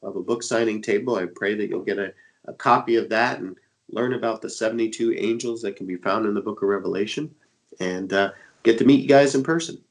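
On a low-quality recording, a man with a lowish voice talks a little fast, his nose stuffed up from a cold. Co-hosting a religious radio program near Dallas, Texas, this internet evangelist chats eagerly, leaning heavily on filler words.

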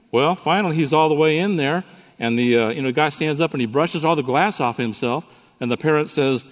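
A man's voice: mid-range voice, brisk, in a large hall. A man speaking at a Bible conference, telling a joke story and teaching with playful asides to the audience. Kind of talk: conference sermon with humor. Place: conference hall.

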